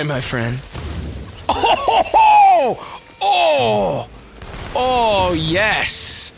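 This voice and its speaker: A young man doing let's play commentary, excitable and swearing, shouting at enemies as he plays. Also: high-pitched. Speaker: gameplay commentator. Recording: game music behind.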